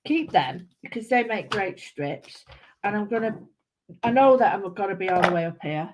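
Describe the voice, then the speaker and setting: A woman's voice: medium pitch, animated, moderate pace, noisy background. A woman giving a chatty live craft demonstration, rambling and giddy, talking to her viewers with lots of exclamations. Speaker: craft tutor.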